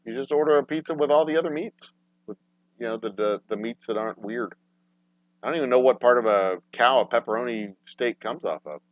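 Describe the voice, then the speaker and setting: A man hosting a casual livestream talk show, swearing freely and swinging between low, mumbled asides and loud, exasperated rants. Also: fairly quick, no echo. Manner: profane, ranting, swings from mumbling to loud outbursts. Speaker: podcast host. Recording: dry, dull lo-fi sound.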